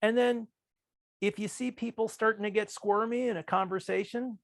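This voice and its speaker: A man giving a talk on persuasion, speaking in a calm, measured way and acting out quoted remarks with changes in pitch. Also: no room sound. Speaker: workshop presenter. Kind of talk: presentation on persuasive communication.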